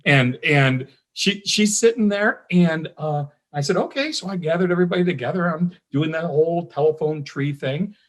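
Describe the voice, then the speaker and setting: A man's voice: a little high, moderate pace, hardly any pauses. Guest: man in his fifties, chatty reminiscing storyteller, loose and rambling. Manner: rambling storyteller, many ums and restarts. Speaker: alumni guest. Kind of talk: casual reminiscing.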